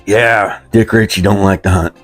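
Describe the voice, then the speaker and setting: A deep-voiced man rambles through a comic monologue. He mocks himself, drifts off his point and talks about himself in the third person. Faint music plays behind him. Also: steady tone, normal speed. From West Virginia. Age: 50s.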